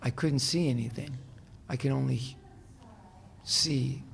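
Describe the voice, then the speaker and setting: A man with a deeply gravelly, fry-heavy voice talks in a casual interview, soft-spoken and meandering, often restarting his sentences. A faint hiss sits under the recording in a hotel room. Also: takes it slowly. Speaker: musician guest.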